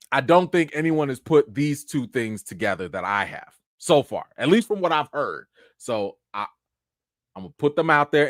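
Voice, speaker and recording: A man hosts a casual live review and talks straight to his viewers in slang. His voice sits fairly high and swings widely in pitch. The recording is dry and close. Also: a bit bright, no room sound. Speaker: TV series reviewer and live-chat host.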